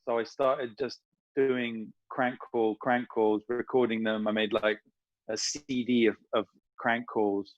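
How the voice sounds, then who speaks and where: A man, an actor and voice performer, chatting casually and telling animated stories with quick impressions. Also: mid-range voice, no echo, highs cut off. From United Kingdom. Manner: animated, slips into impressions mid-story. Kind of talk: casual interview storytelling.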